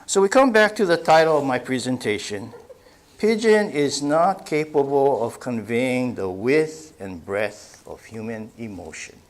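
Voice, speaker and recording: A male author addresses an audience at a public talk, in a pitch that is neither high nor low. He speaks unhurriedly and fills his pauses with ums and uhs. His intonation rises and falls in lively swings. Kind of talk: public talk with quoted readings.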